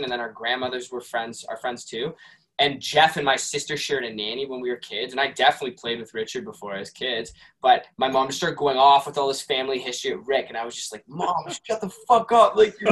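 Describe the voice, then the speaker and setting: A young band member in an interview, rambling through a story with plenty of fillers and swearing. His voice sits in an ordinary middle pitch. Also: fairly bright tone, poor audio. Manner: rambling, profane, lots of fillers. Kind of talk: casual interview chat.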